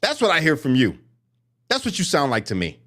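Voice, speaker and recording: A man's voice: on the high side, wildly swooping pitch, a little fast, fairly bright tone. A man commenting sarcastically on protest clips, mocking and emphatic.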